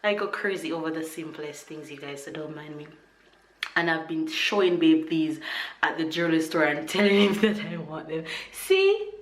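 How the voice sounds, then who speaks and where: A young woman chatting casually as a vlogger, gushing and excitable. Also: low voice, normal speed, roomy sound. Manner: bubbly, gushing, squealing with excitement. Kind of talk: casual vlog chat. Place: home, then outdoors in a town.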